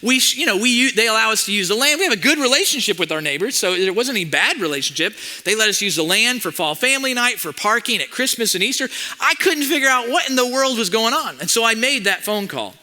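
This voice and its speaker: A male pastor telling a story in a sermon, animated and acting out the conversations in it. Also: sits high, quick pace, few pauses. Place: church auditorium. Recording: long hall reverb.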